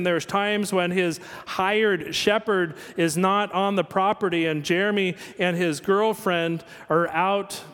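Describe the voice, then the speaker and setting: A man preaching a sermon, telling a story in a relaxed, conversational way with wry asides. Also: sits high, smooth, big-room sound. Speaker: pastor.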